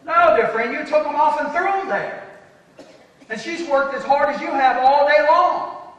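A man preaches a folksy, emphatic sermon, his voice pitched very high. He slows right down to lean on key phrases. The sound rings through a long echoey church hall, picked up from far away. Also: fairly bright tone. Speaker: pastor. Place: church sanctuary.

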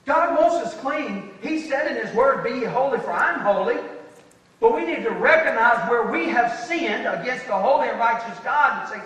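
A man preaches a folksy, emphatic sermon, his voice pitched very high. He slows right down to lean on key phrases. The sound rings through a long echoey church hall, picked up from far away. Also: expressive, fairly bright tone. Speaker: pastor. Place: church sanctuary.

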